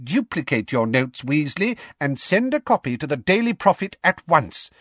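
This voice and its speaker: A man voicing a blustering, excitable older male minister with a shrill, barking manner. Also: moderate pace, no echo, studio quality. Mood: gleeful.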